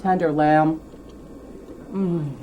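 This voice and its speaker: A woman's voice: deep voice, steady tone, extremely slow, lo-fi sound, a little hiss or hum. A woman hosting a cooking show, demonstrating a dish in a chatty, enthusiastic way with light teasing.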